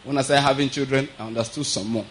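A man's voice: mid-range voice, steady tone, fast talker, slight background noise, poor audio. A man giving a conversational sermon, laughing often and asking his listeners whether they follow. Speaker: preacher.

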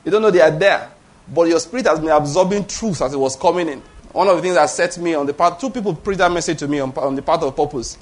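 A Nigerian pastor in his fifties preaches with emphasis. His voice sits a little high for a man, and he repeats his key points and keeps asking the congregation whether they follow. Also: fast, few pauses. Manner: emphatic, repeats key phrases, asks the congregation "All right?". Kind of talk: sermon.

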